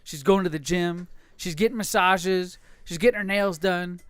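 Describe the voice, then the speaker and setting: A man co-hosting a podcast, telling crude stories about home life in an animated, profane way and acting out other people's lines. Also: high-pitched, moderate pace, clean tone, no echo. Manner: animated, profane, acts out his wife's lines. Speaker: podcast co-host. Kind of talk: casual crude storytelling.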